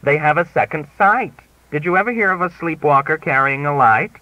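A man's voice: fairly high pitch, fairly quick, no echo, pitched above the performer's own voice, lightly acted. A man voicing an insistent know-it-all American woman. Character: opinionated, insistent American woman mystery fan. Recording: dry, slightly dull audiobook recording.

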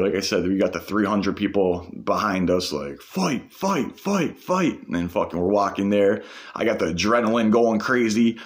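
A man with a fairly low voice recounts an old story in loose, casual talk. He swears constantly and peppers his sentences with "like" as he goes. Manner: profane, rambling, full of "like".

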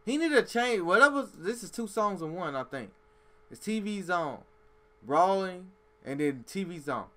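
A man with a fairly high, bright voice talks through a music reaction. His delivery swings up and down a lot and stays emphatic, full of slang and a steady "bro" between thoughts. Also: normal speed. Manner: animated, emphatic street slang, says "bro" often. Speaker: music reaction video host. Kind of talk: casual reaction commentary.

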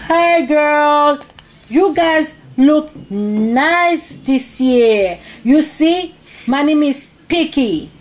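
A woman voicing a showy female Easter egg who repeats herself with drawn-out delight. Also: high-pitched, animated, heavily acted.

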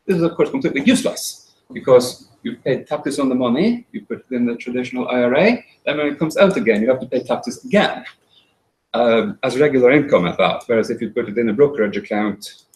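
A man giving a talk and telling a folk tale, with dry, wry humor and frequent halting restarts. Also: mid-range voice, expressive, darkish tone. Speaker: speaker. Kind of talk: storytelling talk. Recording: roomy echo.

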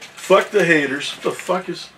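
A man's voice: fairly high pitch, moderate pace, fairly bright tone, recorded from a distance, a little hiss or hum, low-quality recording. A man on a casual morning show reading a viewer's email aloud, cursing and joking as he stumbles through it. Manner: profane, joking, reads with stumbles.

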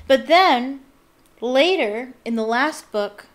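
A woman's voice: high voice, slow. A woman reading aloud and chatting casually about a book, enthusiastic and rambling with lots of fillers. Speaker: book reader and fan commentator.

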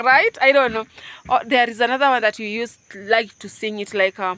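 Kenyan woman vlogger, playful direct-to-viewer chat, crisp bright tone, recorded on site. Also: on the high side, moderate pace, no echo. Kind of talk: casual vlog chat. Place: outdoors at a home building site.

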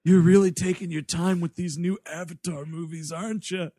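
A man doing a comic impression of a whiny, put-upon actor, pleading in a high voice. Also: steady tone, normal speed, dark tone, no room sound, clean studio sound. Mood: whining.

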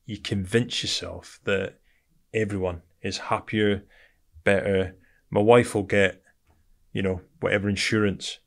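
A man's voice: on the low side, flat delivery, unhurried, vocal fry. A man from Britain, a podcast guest telling his story bluntly and candidly, swearing often and calling the host mate.

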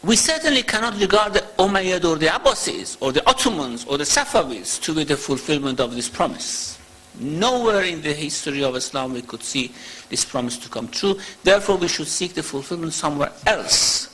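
Guy giving a religious lecture, fairly high voice, chants arabic verses fast. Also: sing-song, pushed and bright, low-quality recording. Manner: explains slowly, recites Arabic verses in quick chant. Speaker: Islamic lecturer.

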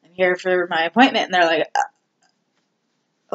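A vlogger giving a candid personal update, talking slowly and haltingly with many ums and restarts. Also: mid-range voice, fairly bright tone, muffled recording. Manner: candid and self-deprecating. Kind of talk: casual personal health update.

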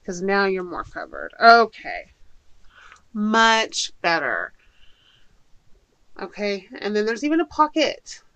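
A woman's voice: mid-range voice, wildly swooping pitch, slow pace, pauses often, a bit bright, no echo, rough recording. A middle-aged woman chatting casually to viewers while unboxing a haul, with giggles along the way. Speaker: haul vlogger. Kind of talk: casual haul video chat. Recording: audible background noise.

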